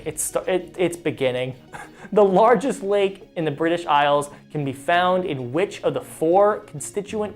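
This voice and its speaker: A man's voice: on the high side, darkish tone. A man hosting a live trivia game stream, chatty and self-mocking, stumbling over place names as he reads the questions.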